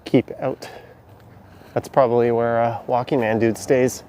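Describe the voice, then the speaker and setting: A man's voice: mid-range voice, little pitch movement, unhurried, warm tone, slight background noise. A man, walking city alleys at night on a live stream, chatting and answering viewers' questions as he goes. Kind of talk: casual live-stream narration reading chat.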